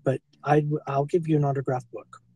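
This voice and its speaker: A man's voice: on the high side, little pitch movement, brisk, warm tone, breathy edge, no room sound, low-quality recording. An older American man filmed on a handheld phone, talking in long rambling stretches and tagging on "okay" and "and so forth". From United States. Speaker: former school teacher being confronted. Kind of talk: rambling confrontation talk.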